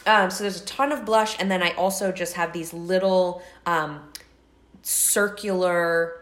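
A woman's voice: fairly low pitch, a little slow, fairly bright tone. A woman co-hosting a casual chat podcast, chatty and giggly. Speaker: podcast co-host. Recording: echoey room.

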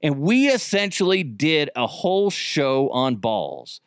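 A man's voice: on the high side, unhurried, smooth, dry recording, studio quality. Profane, rambling man telling radio stories. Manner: rambling, profane, animated, self-correcting. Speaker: podcast host, former radio producer. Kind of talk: casual storytelling.

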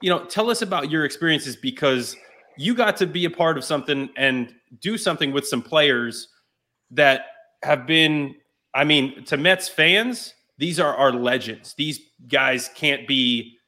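A man's voice: on the high side, unhurried, sharp tone. A man hosting a casual podcast, asking long, rambling, effusive questions of his guest. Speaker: podcast host.

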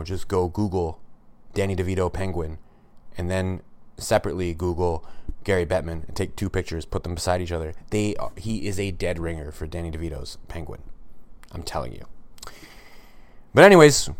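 A man's voice: sits low, fairly quick. A man hosting a solo sports podcast, talking in an emphatic, ranting way with frequent restarts. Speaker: podcast host.

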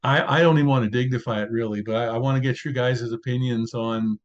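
A man's voice: medium pitch, fairly even intonation, fast talker. A man hosting a casual sports talk show, building his argument point by point. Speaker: podcast host. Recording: dull lo-fi sound.

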